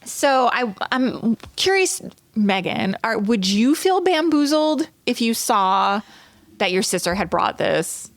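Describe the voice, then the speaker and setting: A woman's voice: on the high side, no echo, clean studio sound. A woman co-hosting a podcast, chatting casually and animatedly about a TV episode. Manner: animated, chatty, quick laughs. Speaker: podcast co-host. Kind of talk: casual chat recapping a TV episode.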